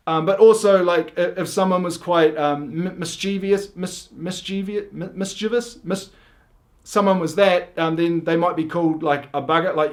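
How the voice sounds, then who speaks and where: Kiwi bloke rambling deadpan, lots of ums and restarts, voice a bit on the high side. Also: male voice, moderate pace. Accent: New Zealand. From New Zealand. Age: middle-aged. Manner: rambling, full of filler words and self-interruptions. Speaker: comedy video host. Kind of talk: deadpan comedic explainer.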